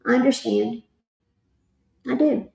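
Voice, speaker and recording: A woman's voice: fairly high pitch, takes it slowly, gravelly, mellow, echoey room, rough recording. A woman hosting a casual livestream, rambling and talking straight to her viewers. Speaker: livestream host.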